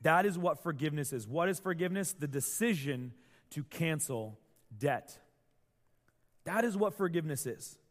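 A man preaching a sermon, telling a Bible story with animated delivery and acted-out quotes. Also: on the high side, moderate pace, long reverb tail. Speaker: pastor.

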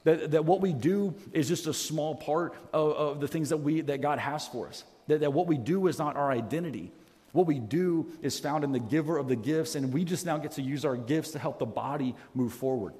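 A man's voice: on the high side, normal speed, warm tone. Earnest man preaching in a reverberant church. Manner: earnest and self-deprecating, with many restarts. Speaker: pastor. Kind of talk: sermon. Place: church sanctuary. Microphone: headset microphone.

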